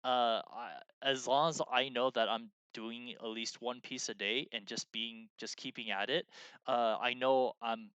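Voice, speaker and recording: A man's voice: mid-range voice, steady tone, a little slow, a bit bright, clear, resonant tone, no echo, dull audio. A man co-hosting a game design stream in casual chat, rambling with lots of fillers and restarts as he reads out viewer messages.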